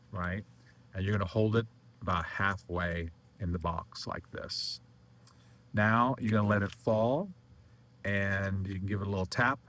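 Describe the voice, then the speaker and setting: A man with a fairly low voice talks through a card trick step by step. His speech is loose and halting, full of fillers and restarts as he handles the deck. It sounds like an informal teaching demonstration. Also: a bit bright. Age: adult. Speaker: magic instructor. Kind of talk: casual demonstration lecture.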